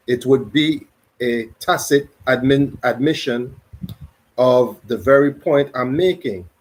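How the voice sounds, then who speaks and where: A man with a Crucian accent reads from a written dialogue. His delivery is slow and measured, and he lays out each point with care. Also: medium pitch, darkish tone, low-quality recording. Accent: Virgin Islands Crucian. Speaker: reader and narrator of a dialogue. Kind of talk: dramatic reading.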